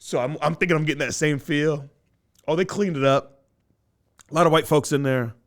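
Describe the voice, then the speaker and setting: Animated male podcast host telling stories. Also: fairly high pitch, a little fast. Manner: animated storyteller, swings from loud to mumbled. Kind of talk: casual chat.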